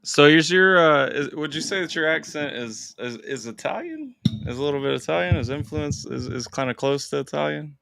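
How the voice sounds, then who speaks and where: A man's voice: on the high side, moderate pace, gravelly, hardly any pauses, pushed and bright. An American man hosting a casual stream chat, asking curious questions with repeated stammering starts. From United States. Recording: faint background noise.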